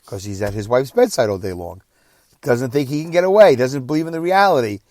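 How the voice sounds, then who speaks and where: A tired, exhausted man hosting a podcast, telling a personal story in a rambling, emotional way that swings between quiet and loud. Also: mid-range voice, expressive, fairly quick, no room sound, clean studio sound. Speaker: podcast host.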